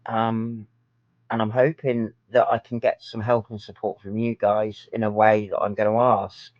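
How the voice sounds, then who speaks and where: A man's voice: fairly low pitch, level tone, normal speed, no echo, lo-fi sound. A man talking frankly to camera in a personal vlog, rambling with many filler ums. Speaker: vlogger.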